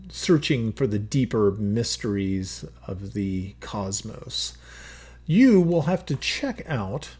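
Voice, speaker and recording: A man's voice: mid-range voice, darkish tone, breathy edge, full character voice. A man voicing a chatty, genial king who rambles and stammers as he greets guests.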